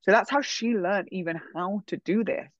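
A woman casually telling a long personal story, full of fillers like "like" and "um", animated in her delivery. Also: medium pitch, moderate pace, dry recording, lo-fi sound.

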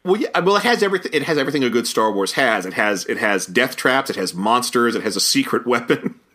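A man co-hosting a podcast chats with a lively voice that rises and falls a great deal. His tone is bright and forceful. He chuckles often and stumbles over names as he talks. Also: medium pitch, fast talker. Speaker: podcast co-host. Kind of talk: casual chat about a cartoon series.

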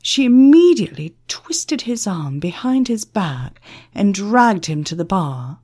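A woman narrating an audiobook in a slow, expressive storytelling style. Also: mid-range voice, husky.

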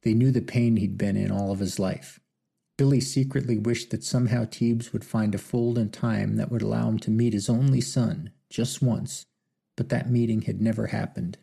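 A man narrating an audiobook in a measured, somber storytelling manner. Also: on the low side, steady tone, vocal fry, dark tone, breathy edge. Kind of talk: scripted narration.

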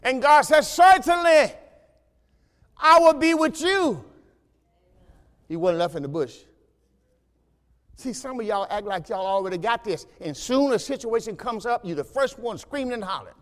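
A man pastor preaching a sermon, moving from conversational teaching to loud, rising exhortation in a church sanctuary. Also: sits high, expressive, a little fast, long reverb tail.

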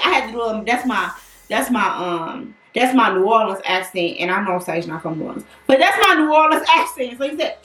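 A woman hosting a casual celebrity gossip chat, talking in an animated, slangy and playful way. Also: high voice, unhurried, soft background music. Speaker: podcast host. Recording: echoey room, far from the mic.

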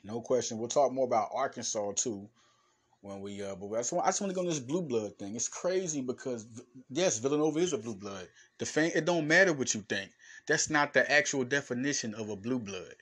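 A man's voice: mid-range voice, fairly quick, slightly rough. Emphatic man hosting a solo sports podcast. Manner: animated, emphatic and repetitive, with stammered restarts; informal slangy speech, addressing fans directly. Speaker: podcast host and basketball analyst. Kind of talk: casual solo podcast talk.

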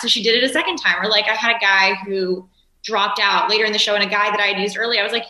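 A woman guest in casual interview chat, telling animated stories and acting out quotes. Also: medium pitch, very fast, echoey room, poor audio. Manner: animated storytelling, acts out quotes. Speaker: guest, producer of a remote show.

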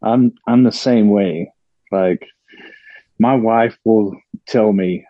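A man's voice: mid-range voice, slow pace, long pauses, no room sound. A man who is a guest on a podcast, chatting casually and liking to stir the pot, often laughing at his own points. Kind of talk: casual conversation. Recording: dull, dry lo-fi sound.

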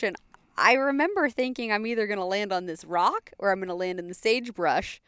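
A woman telling a story in casual chat, animated and laughing often, with playful sound effects. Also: medium pitch, a little fast, clean tone, no echo, studio quality.

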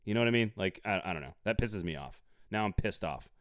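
A man hosting a casual sports podcast, getting animated and worked up, tossing in jokey plugs. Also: on the low side, fast talker, no echo, clean studio sound. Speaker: podcast host.

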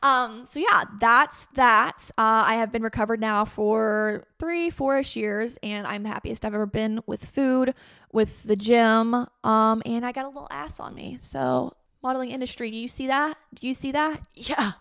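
Bright, chatty young woman podcaster. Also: a little high, moderate pace, clean tone. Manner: chatty and candid, with bursts of loud playful emphasis. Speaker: podcast host. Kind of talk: casual solo podcast talk.

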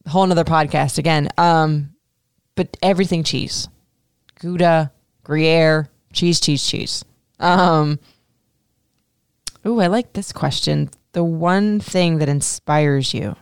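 A woman's voice: low-pitched, takes it slowly, gravelly, pauses often, clean tone, no room sound, studio quality. A woman in her thirties hosting a podcast, chatting casually through listener questions with lots of fillers and casual swearing. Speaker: podcast host.

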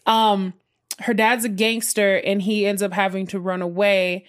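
A woman in casual, animated chat who swears a lot and jumps into quick asides. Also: medium pitch.

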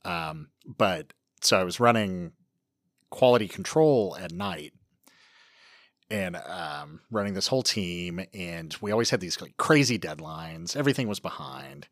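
A man co-hosting a podcast, chatting casually and telling animated stories, swearing and laughing often. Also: low-pitched, unhurried, no room sound, studio quality. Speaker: podcast co-host. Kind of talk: casual chat.

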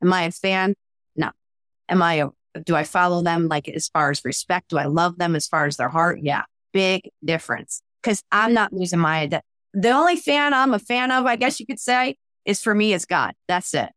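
A woman's voice: on the low side, normal speed, no room sound, studio quality. A woman working as a mental skills coach, talking in a casual interview and acting out the people she quotes. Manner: animated, acts out quoted voices.

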